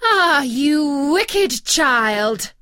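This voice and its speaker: A woman reading aloud, voicing a wicked, spiteful old enchantress in a shrill, scolding way. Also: big pitch swings, extremely slow, bright, forceful tone, no room sound, studio quality, full character voice. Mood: furious.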